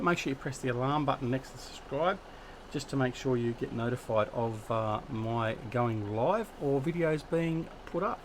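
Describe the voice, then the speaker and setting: With a voice on the high side and a little noise behind it, an Australian man runs a gaming livestream. He talks casually with viewers, welcoming them by name and joking about himself.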